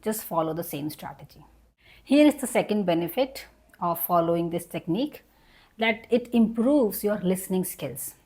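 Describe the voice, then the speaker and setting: Woman teaching an English lesson, low-pitched. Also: animated, moderate pace, darkish tone. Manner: explanatory, repeats points, models example sentences.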